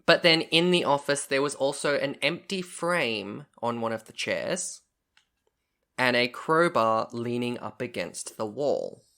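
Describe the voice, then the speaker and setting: A man's voice: medium pitch, expressive, a little slow, vocal fry, bright, forceful tone. A man co-hosting a podcast, recounting a story in a chatty, casual way, swearing freely and acting out what people said. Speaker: podcast co-host.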